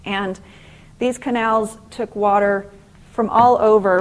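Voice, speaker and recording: A middle-aged woman giving a faith-based motivational class at a conference, telling stories with lively acted-out exclamations. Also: mid-range voice, low-quality recording. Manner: animated storytelling, acting out exclamations. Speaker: conference speaker and author.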